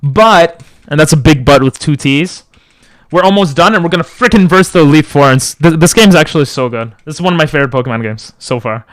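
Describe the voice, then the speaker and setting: A young man chats loosely on a live stream, joking and wandering from topic to topic as he reads his chat. His voice sits a touch high and sounds smooth and clean. The close boom mic gives it a dry, in-your-ear sound with no room around it. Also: brisk, no echo. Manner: rambling, joking, answering chat. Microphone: boom mic close to the mouth.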